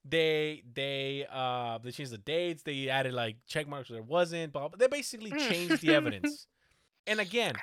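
A man's voice: a little high, very animated, normal speed, a bit bright, no echo, clean studio sound. A man in casual talk, telling a story animatedly, swearing often and acting out the quotes. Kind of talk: casual podcast chat.

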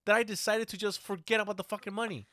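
A man's voice: high-pitched, steady tone, quick pace, a bit bright. A man ranting animatedly in a casual chat, swearing often and getting worked up.

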